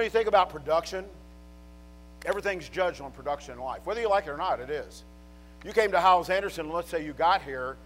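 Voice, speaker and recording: A man preaching a chapel sermon, telling a Bible story with animated storytelling that swings from hushed to shouting. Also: a little high. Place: college chapel.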